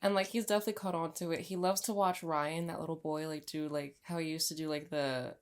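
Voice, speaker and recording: Young woman, podcast co-host, casual chat, swears, lower pitch. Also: steady tone, fast talker, smooth. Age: young adult. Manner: casual, swears, acts out her son's lines.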